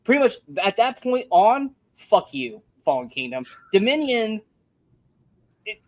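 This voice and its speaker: A man's voice: high voice, very animated, a little slow, no echo. A man co-hosting a casual movie review podcast, ranting emphatically and swearing freely. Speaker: podcast co-host.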